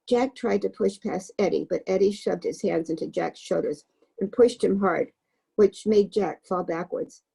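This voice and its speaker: A woman reading a novel aloud for a book club, in a gravelly, husky voice. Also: medium pitch, normal speed, dark tone, low-quality recording.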